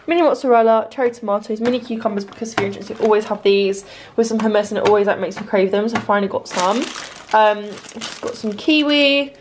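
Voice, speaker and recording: A woman's voice: medium pitch, fast talker, noisy background. A young woman chatting casually at home in a vlog, peppering her talk with "literally". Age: young adult. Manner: chatty, says "literally" constantly. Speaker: vlogger.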